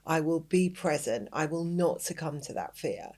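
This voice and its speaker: A woman's voice: low voice, animated, moderate pace, dark tone. A woman hosting a podcast, telling stories in an earnest, reflective way. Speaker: podcast host. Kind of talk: casual podcast conversation.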